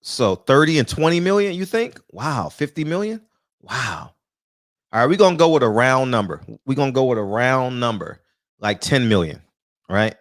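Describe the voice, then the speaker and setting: A man's voice: medium pitch, expressive, moderate pace, no room sound, clean studio sound. A man, hosting a live-streamed boxing talk show, greeting viewers by name in loose, casual chat, swearing easily and laughing often. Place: small room.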